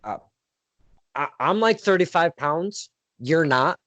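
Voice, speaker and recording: Excitable, foul-mouthed podcast host. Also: male voice, fairly high pitch, slow pace, dry recording. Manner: excitable storyteller, swears freely. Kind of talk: casual interview chat. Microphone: video call.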